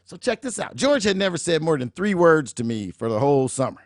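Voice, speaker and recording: A middle-aged man hosting a show, telling a motivational story in an animated, emphatic way and acting out the dialogue. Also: on the high side, a little fast, no echo, studio quality. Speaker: show host, motivational speaker.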